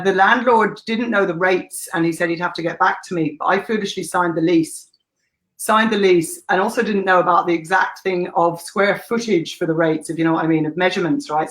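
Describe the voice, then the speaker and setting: A woman's voice: fairly low pitch, fairly bright tone, rough recording. Irish woman in her thirties, swears a lot, laughs as she talks, candid guest telling her story. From Ireland. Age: 30s. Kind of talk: casual interview storytelling.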